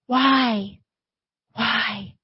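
A woman's voice: very high voice, expressive, a little slow, no echo, dull audio, pitched above the performer's own voice, heavily acted. A woman voicing a grieving widow who has just lost her son, asking anguished, pleading questions.

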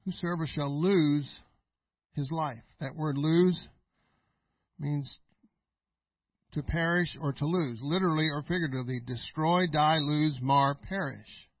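A middle-aged male pastor preaching a folksy sermon, laughing often and swinging between loud and quiet. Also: a little high, a little slow, pauses often, no room sound, highs cut off.

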